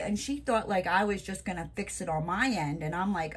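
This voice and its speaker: A woman's voice: medium pitch, expressive, normal speed, hardly any pauses, breathy edge. A woman venting in a casual crafting vlog, exasperated and emphatic, full of "you know" and "like.". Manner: lots of fillers like "you know" and "like". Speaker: crafting vlogger. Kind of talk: casual chat while crafting.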